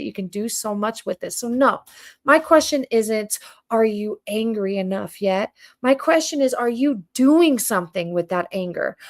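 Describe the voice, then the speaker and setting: A woman speaks to her livestream viewers in a fervent, preachy monologue. She presses them with pointed questions. Her voice sits at a medium pitch. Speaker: livestream host and community food organizer.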